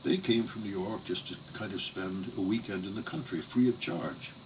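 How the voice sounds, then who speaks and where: Older man, deep voice, measured storytelling. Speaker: interviewee recounting family history. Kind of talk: oral history reminiscence. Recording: distant mic with faint background noise.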